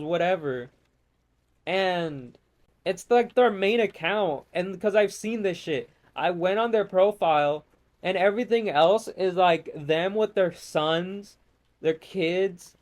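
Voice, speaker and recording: A man with a fairly high, darkish-toned voice grumbles over gameplay in exasperated, profane bursts. He rambles casually from one gripe to the next without a script, like a host chatting to his channel.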